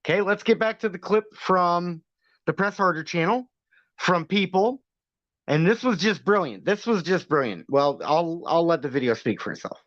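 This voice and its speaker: A man's voice: high voice, expressive, normal speed, a bit bright, dry recording. A man hosting a livestream, talking casually with a sarcastic, argumentative edge and frequent laughs. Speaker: livestream host. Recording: dull lo-fi dry sound.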